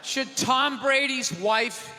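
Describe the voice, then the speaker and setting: A man's voice: extremely high pitch, slow pace, slight background noise. Ranting stand-up comedian man in a theater. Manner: ranting, swearing, loud exasperated bursts. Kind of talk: stand-up routine. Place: large theater stage with live audience. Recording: live theater recording with hall reverb and crowd.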